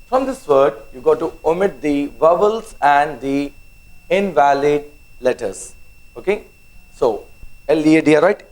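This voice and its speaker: A man's voice: on the high side, darkish tone, rough recording. A man giving an online maths lesson, spelling out words letter by letter and checking in with the students after nearly every sentence. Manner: repeats "okay?" often, spells out words letter by letter; coaxing, urges students on. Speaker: maths teacher.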